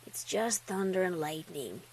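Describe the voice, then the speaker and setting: A woman voicing a gentle older brother colt, talking low and soft to calm his sister. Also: fairly quick, husky. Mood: soothing.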